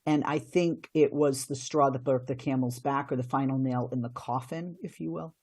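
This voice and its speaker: A woman's voice: very deep voice, steady tone, moderate pace, darkish tone. A middle-aged woman, a radio host and commentator, giving earnest answers in a podcast interview, often restarting her sentences.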